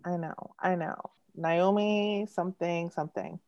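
A giggly, animated woman in her thirties, a poet guest chatting on a video call. Her voice sits a little low and sounds dull and lo-fi. The room is dry, with no echo. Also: measured pace. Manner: giggly, animated, laughs often. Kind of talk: casual storytelling chat.

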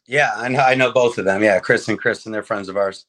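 A man's voice: lowish voice, brisk, fairly bright tone. A man who is a guest on the show, talking in an easygoing, casual way with lots of fillers. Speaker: guest, fighter and realtor. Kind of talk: casual interview chat.

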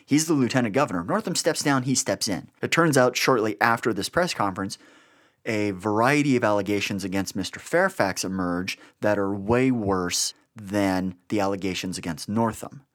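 A man's voice: lowish voice, animated, moderate pace, a bit bright. Sarcastic man, blunt political commentary. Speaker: podcast host.

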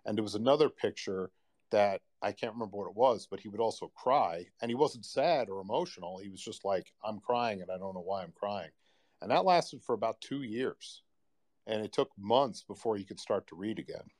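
Low-voiced man telling a rambling story. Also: lively intonation, brisk, darkish tone. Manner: rambling storyteller, many fillers. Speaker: guest sharing a personal story. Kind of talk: casual podcast conversation.

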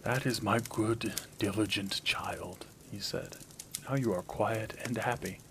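A stern, aging father god of the heavens from an old folk tale, read aloud by a man. He speaks low and measured, laying down decrees with quiet authority. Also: steady tone, noisy background, lightly acted.

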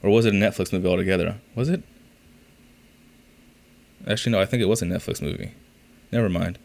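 A man's voice: sits low, fairly even intonation, very fast, gravelly, a little mellow. A man hosting a casual solo podcast, telling profane, rambling, exasperated stories about his week. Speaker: podcast host.

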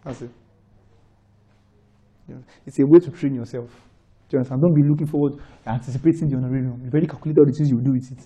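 Man, Nigerian accent, pastor preaching, very mellow dark tone, keeps asking "are you with me". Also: mid-range voice, steady tone, rapid-fire, long pauses, slightly rough, muffled recording. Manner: checks in with listeners constantly; repeats phrases for emphasis. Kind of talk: conversational sermon.

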